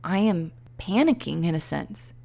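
A middle-aged woman casually telling a personal story as an educator, animated and acting out the voices of people she quotes. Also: fairly low pitch, unhurried, creaky.

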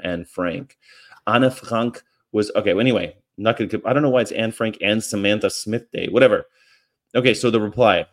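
A man's voice: fairly low pitch, lively intonation, normal speed. Rambling, sarcastic male vlogger. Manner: sarcastic, digressive. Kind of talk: casual rambling chat.

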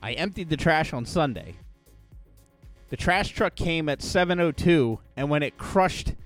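A man tells stories on a casual podcast. His voice sits a little high and swings widely as he acts out other people and cusses. Faint music plays underneath. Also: a little slow. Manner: animated storytelling, swearing, acting out others in shrill voices. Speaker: podcast co-host. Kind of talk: casual chat.

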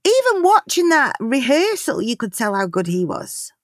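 British woman telling a story, animated. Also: a little high, moderate pace, no room sound, studio quality. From Britain. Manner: animated storytelling, swears freely. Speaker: podcast co-host. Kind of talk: casual comedic chat.

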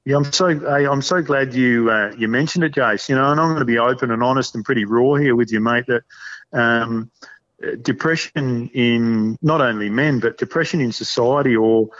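A man's voice: medium pitch, moderate pace, a bit bright. Earnest Australian man, dull lo-fi sound. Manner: earnest, rambling, says "mate" often. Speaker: podcast guest, hunter. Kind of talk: casual chat.

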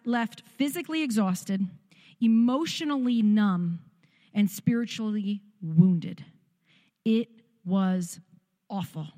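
Candid middle-aged woman in a reverberant hall. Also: fairly high pitch. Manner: candid, self-mocking storytelling. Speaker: speaker sharing testimony. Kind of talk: personal testimony talk.

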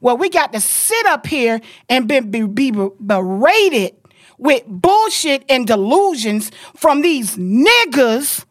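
A woman podcast host, delivering a loud, profane, forceful rant. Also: sits high, very animated, slow pace, no room sound, studio quality.

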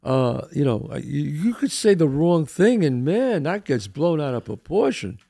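An older man hosts a podcast, chatting casually and telling stories in a streetwise, old-school style, often repeating his words. He's an animated storyteller with a fairly high-pitched, husky voice marked by vocal fry, speaking at a moderate pace.

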